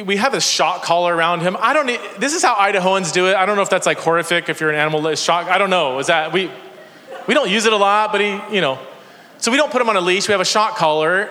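Man, preacher, sermon, lively joking storyteller, higher voice, ringing church hall. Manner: energetic storytelling with self-deprecating humor. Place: church sanctuary. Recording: long church hall reverb.

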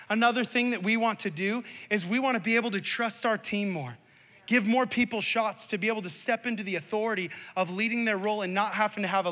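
A male pastor in his thirties preaching a sermon, moving from storytelling to loud, rising exhortation. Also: sits high. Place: church stage.

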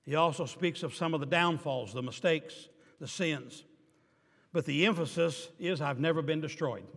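An older man delivers a sermon in a notably high voice. He swings from emphatic, drawn-out declarations to hushed, wry asides, and his words ring out with a long reverb, as if in a church sanctuary. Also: vocal fry, breathy edge. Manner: emphatic preaching that drops to quiet asides, with dry humor. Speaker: pastor. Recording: reverberant hall.

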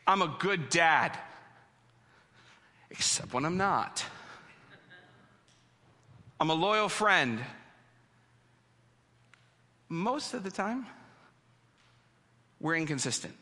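A middle-aged man preaching a sermon, teaching in a playful, animated way and drawing the congregation into call-and-response. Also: a little high, slow pace, long pauses. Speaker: pastor. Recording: long hall reverb.

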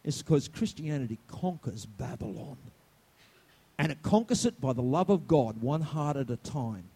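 A male senior pastor giving a sermon, animated, swinging from loud outbursts to quiet asides and asking the congregation questions. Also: on the high side, moderate pace, husky.

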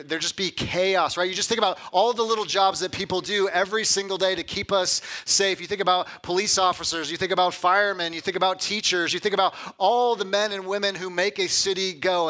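Male pastor, bright and fairly high voice, chatty sermon delivery, emphatic lists. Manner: conversational preaching, often adds "right?"; builds to loud emphatic lists.

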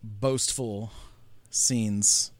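A man's voice: fairly low pitch, fairly even intonation, drawn-out words, no room sound. A man co-hosting a podcast, dropping in wry, joking remarks. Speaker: podcast co-host. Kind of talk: casual film discussion.

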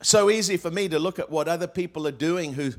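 This pastor talks fast in a slightly high voice as he preaches to the congregation. He leans on rhetorical questions and quotes, and his delivery is full of fillers and restarts.

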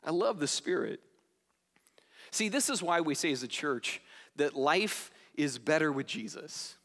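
A man preaching a sermon as pastor, animated and jokey, acting out quotes with big jumps in his voice. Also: a little high, measured pace, big-room sound.

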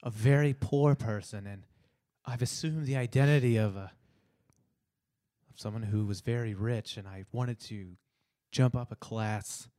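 A man's voice: on the low side, measured pace, dark tone, dry recording, clean studio sound. A man improvising a comedy scene, speaking in a sheepish, apologetic way.

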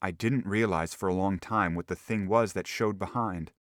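A man giving a scripted narration of a classic story, measured and deliberate, into a studio microphone. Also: low-pitched, no echo. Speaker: audiobook narrator.

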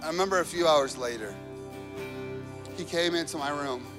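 A man's voice: on the high side, moderate pace. A man preaching a sermon, telling personal stories and rising to fervent, passionate delivery. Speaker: pastor. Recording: music playing behind. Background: worship band instruments.

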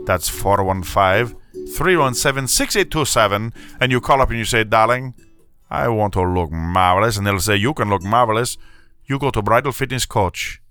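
A man's voice: fairly low pitch, fairly bright tone, natural voice. A man putting on a flamboyant character with a mock Spanish accent, doing a comedic sponsor read and calling everyone darling. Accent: put-on Spanish.

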